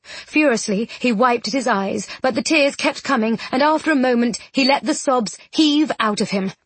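Breathy woman narrating an audiobook. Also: fairly high pitch, normal speed, dry recording. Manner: dramatic, expressive reading.

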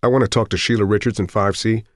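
A man's voice: lowish voice, fairly even intonation, fast, no room sound, clean studio sound, natural voice. A man reading an audiobook voices a desperate, bitter working-class husband who sounds tense and pleading.

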